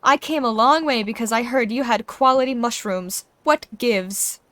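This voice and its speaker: A woman's voice: on the high side, normal speed, fairly bright tone, lightly acted. Woman reading as an eccentric sing-song mushroom fan. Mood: chanting.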